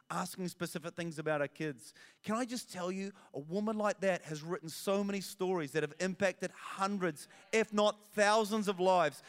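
A man preaching a sermon as pastor, animated storytelling with self-deprecating asides. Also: high voice, big-room sound.

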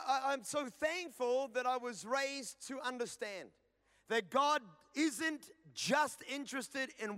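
A man preaching a sermon to a church congregation in an impassioned style, building to loud calls to the crowd. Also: extremely high pitch. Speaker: pastor. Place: church service before a congregation.

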